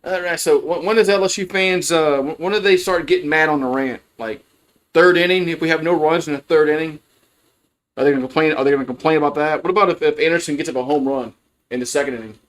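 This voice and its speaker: A man's voice: on the high side, fast. Rambling man calling a game. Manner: rambling, chatty, many fillers and restarts. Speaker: fan play-by-play host. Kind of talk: casual livestream play-by-play commentary.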